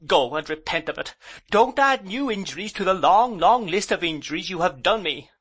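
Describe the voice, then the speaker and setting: Proud older aunt, hurt and reproachful, put on by a male reader, high and bright. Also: animated, normal speed. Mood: indignant. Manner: emotional, reproachful, then composed and rueful. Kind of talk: audiobook character voice.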